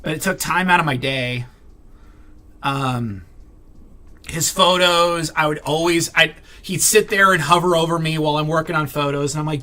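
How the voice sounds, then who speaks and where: A man talks straight to camera in a loose, rambling vlog, tripping over fillers and restarting his sentences. His voice sits fairly high and sounds bright and tense, and he comes across blunt and irritated, with the odd swear. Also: moderate pace. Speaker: vlogger. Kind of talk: casual venting to camera.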